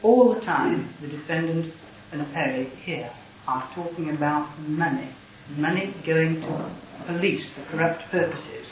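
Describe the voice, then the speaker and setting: Man, barrister to the jury, slightly high voice, formal and deliberate, roomy echo, dull sound. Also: far from the mic, slight background noise. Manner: formal, deliberate, reads transcript passages aloud. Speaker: prosecuting barrister. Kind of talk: address to a jury. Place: courtroom. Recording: dull, roomy courtroom recording.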